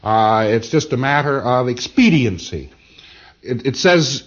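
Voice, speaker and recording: A man's voice: medium pitch, big pitch swings, unhurried. Emphatic rambling male lecturer, lo-fi tape. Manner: rambling, emphatic, repeats words. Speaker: lecturer to auditors. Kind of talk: recorded lecture.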